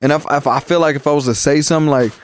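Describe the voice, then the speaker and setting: A man's voice: a little high, very fast, no echo. A young man co-hosting a podcast, telling long profane stories from childhood in a rambling, casual way. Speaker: podcast co-host. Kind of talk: casual chat.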